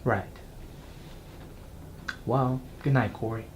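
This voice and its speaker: A woman's voice: very deep voice, fairly even intonation, slow, a little mellow, slight background noise. A young woman acting a proper, dignified young husband who is a lawyer, with dry, sarcastic patience. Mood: snippy. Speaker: acting student. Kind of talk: scene study stage acting.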